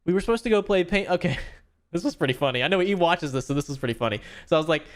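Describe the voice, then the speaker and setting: Fast-talking blunt man. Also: a little high, expressive. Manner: crude, blunt joking. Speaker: podcast regular. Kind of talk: casual chat.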